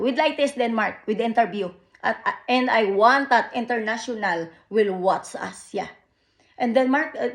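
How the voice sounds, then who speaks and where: Filipino woman vlogger, agitated and emphatic, slightly high voice, echoey room. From Philippines. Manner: agitated, emphatic, repetitive broken English. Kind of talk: direct-to-camera rant.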